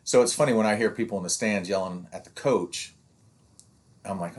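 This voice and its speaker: A man's voice: on the low side, moderate pace. A man in his fifties, a coach, chatting casually on a podcast and rambling, with restarts and acted-out quotes from parents. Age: 50s. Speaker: youth sports coach and podcast co-host.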